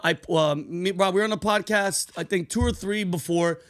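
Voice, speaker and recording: A man's voice: sits high, normal speed, fairly bright tone. A man hosting a comedy podcast, talking casually in an emphatic, profane way with lots of repetition. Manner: profane, emphatic, repeats himself. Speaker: podcast host.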